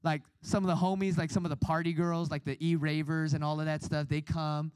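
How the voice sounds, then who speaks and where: Animated man preaching over a call. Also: on the high side, fairly quick, clear, resonant tone, dry recording. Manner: animated storytelling, acts out quoted voices. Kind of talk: sermon over video call. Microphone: video call.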